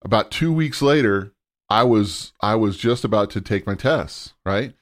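A man's voice: lowish voice, a little slow, dry recording, studio quality. A middle-aged man hosting an interview, telling a story with lots of laughter and acted-out quotes. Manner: animated storyteller, laughs often, acts out quotes. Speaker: podcast host.

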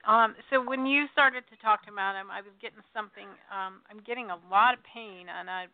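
A woman's voice: mid-range voice, brisk, no echo. A woman who works as a psychic medium, giving an on-air reading, hesitant and searching, with many ums. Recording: tinny phone-like sound with faint hiss.

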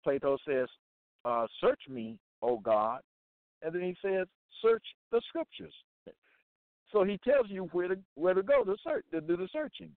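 A man teaching scripture in a deliberate way, reading out verses and repeating set phrases. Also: high-pitched, lively intonation, no echo. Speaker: religious teacher. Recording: tinny phone-like line, dry.

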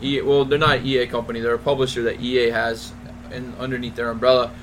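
A man's voice: medium pitch, flat delivery, fast, fairly bright tone, poor audio. Eager male co-host with room hum. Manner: eager, enthusiastic. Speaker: podcast co-host reading gaming news. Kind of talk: casual podcast chat.

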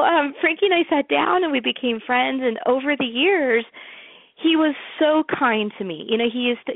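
A woman's voice: on the high side, no echo. A woman, a guest in an interview, chatting casually and telling stories with many fillers. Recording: tinny phone-like line.

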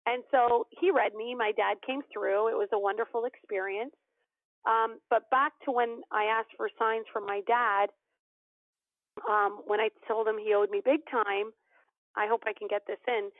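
A woman guest telling a personal story in an animated way, acting out the voices of the people in it. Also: a little high, moderate pace, no room sound. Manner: animated storyteller, acts out quoted dialogue. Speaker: podcast guest. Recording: tinny phone-line audio, dry.

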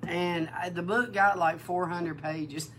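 A woman minister giving a sermon-style testimony, animated and emotional, acting out the dialogue in her story. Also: on the low side, slow, slight background noise. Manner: emotional, near tears. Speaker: prophetic minister.

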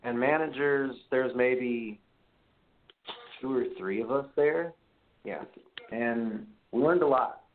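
A man from Brooklyn speaks slowly in a mid-range voice, pausing often, as he hosts a casual call-in podcast interview. His New York accent colors rambling, profane stories, heard through a tinny phone line with faint noise.

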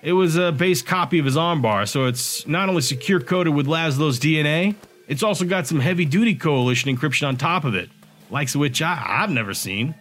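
A man's voice: on the high side, expressive, brisk, a bit bright. Meade, a man voicing a sardonic hard-boiled private eye. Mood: wary. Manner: sardonic, grumbling. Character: gruff cynical male Martian private eye.

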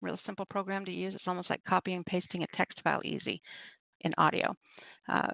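Her voice is on the low side and creaky, with fairly even intonation and a brisk pace, and there's no room sound, though it comes over a tinny call-in phone line. She hosts an open mic poetry radio show, casually giving poetry prompts while rambling and laughing a lot.

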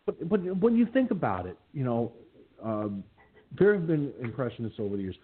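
A man's voice: medium pitch, sing-song, moderate pace, background noise. A man hosting an internet radio show, chatting casually and rambling with plenty of fillers. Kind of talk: casual chat. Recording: phone-like lo-fi line.

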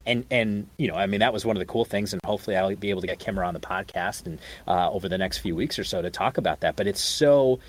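Husky low-voiced podcast host. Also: male voice, quick pace, few pauses. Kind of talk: casual podcast interview.

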